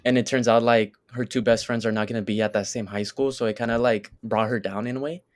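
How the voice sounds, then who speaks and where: A man in his middle pitch range co-hosts a relaxed podcast chat. He rambles through his stories, stacking filler words as he recounts moments. His tone is casual and unscripted. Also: fast talker. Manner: rambling, filler-heavy storytelling. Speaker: podcast co-host.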